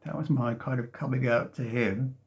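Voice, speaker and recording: A man in his fifties, rambling casually at home about his past, hesitant and meandering with many restarts and soft chuckles. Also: mid-range voice, fairly even intonation, normal speed. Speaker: vlogger. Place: at home, sitting in a sunlit room.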